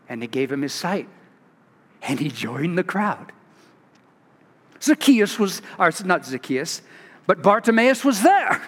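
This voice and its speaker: A man from California, a pastor giving an expressive storytelling sermon with restarts and asides. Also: fairly high pitch, unhurried, long pauses. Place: large church. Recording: long church reverb.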